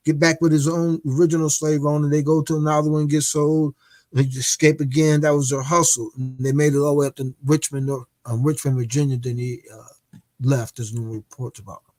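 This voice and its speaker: A man delivers a religious history lecture in a somewhat high voice, often pausing on fillers and restarting his sentences. The sound is dry and close. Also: little pitch movement, darkish tone, no room sound. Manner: hesitant, many filler pauses and restarts.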